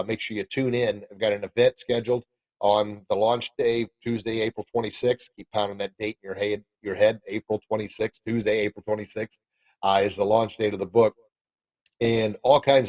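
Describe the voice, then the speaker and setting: A man's voice: fairly low pitch, a little mellow, dry recording, low-quality recording. A middle-aged man hosting a podcast and live stream in a casual, upbeat, rambling way, full of folksy exclamations. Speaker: podcast host and martial arts coach.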